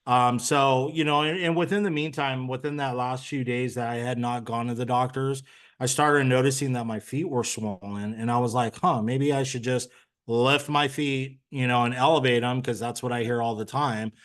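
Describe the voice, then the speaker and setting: A man's voice: mid-range voice, steady tone, normal speed. A man speaking as an interview guest, telling his story in an earnest, conversational way with plenty of fillers. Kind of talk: candid personal story.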